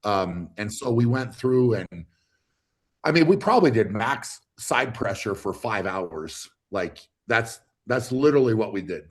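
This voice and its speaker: A man chatting casually as a livestream guest, relaxed and halting, with many fillers and restarts. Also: fairly low pitch. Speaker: guest athlete.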